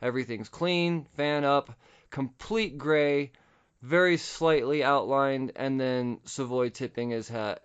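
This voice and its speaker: A man's voice: medium pitch, slow pace, clean tone. A young man hosting a podcast, casually recapping a comic book, swearing freely and laughing at his own stumbles. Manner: loose, profane, laughs at himself. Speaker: podcast host. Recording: slightly dull lo-fi podcast audio.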